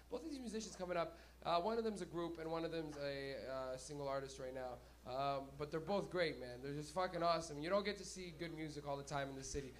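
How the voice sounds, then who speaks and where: A young man hosting a comedy night and telling stand-up stories in a loud, profane way, breaking into laughter, in a small club. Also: on the high side, slight background noise. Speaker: comedy host. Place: small smoky comedy venue.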